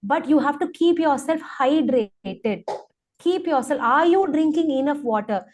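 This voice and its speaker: A woman's voice: sits high, animated, a little slow, a little hiss or hum. A woman, a yoga teacher giving an earnest, emphatic health talk to a class and repeating her key points. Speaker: yoga teacher, guest speaker.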